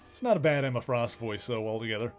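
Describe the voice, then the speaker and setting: A man's voice: medium pitch, quick pace, soft background music. Chatty, joking man streaming a game. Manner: chatty and joking, with filler words. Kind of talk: casual let's play commentary.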